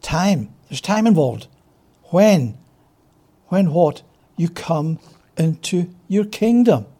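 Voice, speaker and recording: A man teaching scripture as a preacher, with a mellow, somewhat high voice. He stretches words slowly to stress them. He fires off rhetorical questions and answers them himself. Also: lively intonation. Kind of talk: expository Bible teaching.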